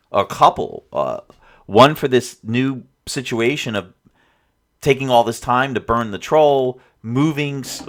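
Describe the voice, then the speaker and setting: A man talks through his tabletop campaign in a loose, rambling way, circling back and restarting his sentences. His pitch rises and falls a lot as he goes. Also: a bit bright. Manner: rambling, with many restarts and asides. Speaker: dungeon master reflecting on his game. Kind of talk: casual spoken reflection.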